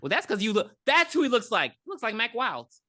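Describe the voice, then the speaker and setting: A woman's voice: a little high, very animated, a little fast, pushed and bright, no echo, studio quality. A woman co-hosting a podcast, retelling a movie in a rambling, profane way with lots of ums and acted-out quotes. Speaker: podcast co-host. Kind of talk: casual movie recap chat.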